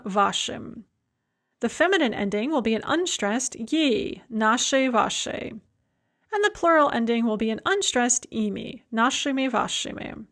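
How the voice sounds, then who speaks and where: A woman teacher giving a recorded slide lecture, reading example words slowly and deliberately. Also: fairly high pitch. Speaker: language teacher.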